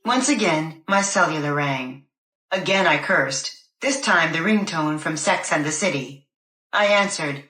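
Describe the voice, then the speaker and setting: A woman reading a first-person novel aloud in a measured, deliberate way. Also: deep voice, expressive, bright, forceful tone. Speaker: narrator. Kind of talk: scripted first-person audiobook narration. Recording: roomy echo.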